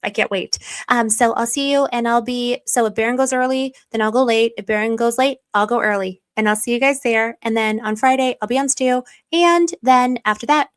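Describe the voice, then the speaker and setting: A young adult woman hosting her own channel, chatting casually and excitedly to viewers in a rambling way, with frequent apologies and asides. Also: on the high side, no room sound. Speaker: channel host. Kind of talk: casual livestream chat to viewers.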